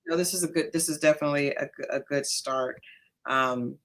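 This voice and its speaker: A woman co-hosting a podcast, talking through politics in casual chat with many pauses and restarts. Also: low voice. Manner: thoughtful, many fillers and restarts. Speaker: podcast co-host.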